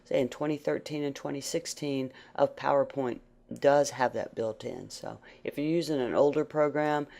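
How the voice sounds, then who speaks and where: A woman instructor talks through a software tutorial in a relaxed, conversational way, full of ums and restarts. Allergies leave her voice a little worn and uneven. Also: rumbling low, moderate pace, gravelly. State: allergies, voice going in and out. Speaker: computer skills instructor. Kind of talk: screen-share software tutorial.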